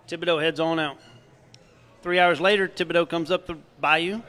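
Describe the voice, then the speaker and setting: A man's voice: on the high side, steady tone, moderate pace, sharp tone, big-room sound. A man from Louisiana, a podcast co-host, telling a joke casually and swearing freely. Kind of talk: casual chat.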